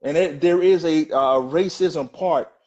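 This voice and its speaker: A man hosting a casual talk show, his voice sitting a bit high for a man. He speaks haltingly, restarting phrases and filling pauses as he tells a story. The recording sounds dull and lo-fi. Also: darkish tone. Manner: halting, many restarts and fillers. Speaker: host.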